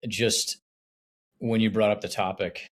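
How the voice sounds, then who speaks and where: A man in his thirties talking on a podcast in an animated, emotional way, often laughing. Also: fairly low pitch, a little slow. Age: 30s.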